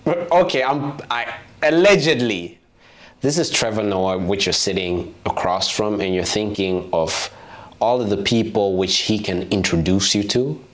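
A man hosting a reaction video, commenting on a clip in a casual, animated rant. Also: lowish voice, measured pace. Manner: animated, ranting.

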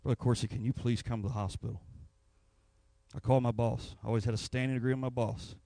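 A man's voice: medium pitch, flat delivery, quick pace, vocal fry, no room sound. A man preaching a sermon in a church, telling a personal story. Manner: storytelling, rising to anguished shouts. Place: church sanctuary.

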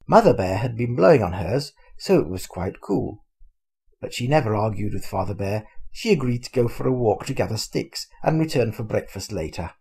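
An older man reads a children's storybook aloud to his grandchildren. His voice is gravelly and husky, and it rises and falls with lively expression. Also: mid-range voice, normal speed. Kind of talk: storybook reading.

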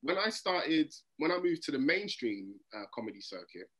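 A man's voice: fairly high pitch, big pitch swings, normal speed, a bit bright. A man with a London accent, a comedian guest in a casual interview, telling stories with animation and acting out the voices of people he quotes. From England.

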